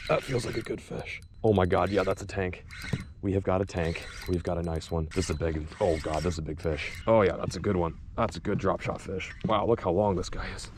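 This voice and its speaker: A young man vlogging while fishing outdoors in winter, talking excitedly to the camera as he reels in fish. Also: deep voice, background noise. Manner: excitable, exclaiming and laughing while reeling in fish. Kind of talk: casual on-camera fishing commentary.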